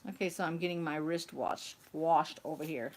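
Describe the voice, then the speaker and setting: A woman's voice: deep voice, steady tone, moderate pace. A middle-aged woman chatting and teasing while she crafts on a home livestream. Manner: chatty, teasing, self-correcting. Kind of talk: casual chat while crafting.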